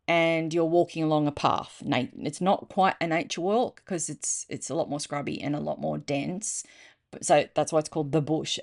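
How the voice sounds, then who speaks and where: A woman's voice: deep voice, creaky, darkish tone. A middle-aged Australian woman telling funny short stories in a chatty, rambling way, stopping to explain local words. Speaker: storyteller. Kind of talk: casual storytelling reading.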